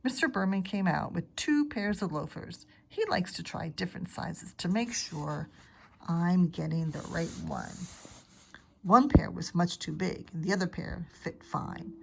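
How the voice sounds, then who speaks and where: A teacher reading a children's chapter book aloud, narrating in a steady, expressive way. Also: female voice, lowish voice, a little slow, gravelly, slight background noise. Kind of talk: storybook read-aloud.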